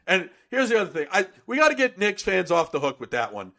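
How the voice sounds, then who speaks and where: A man's voice: sits high, sing-song, fast, creaky, sharp tone. A man co-hosting a sports podcast, talking in a ranting, sarcastic, profane way. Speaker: podcast co-host. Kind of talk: casual sports chat.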